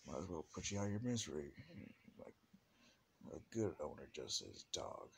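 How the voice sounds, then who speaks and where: A man voicing a ruthless young male fighter who talks in a calm, offhand, mocking way. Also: very deep voice, normal speed, gravelly, slightly rough, full character voice.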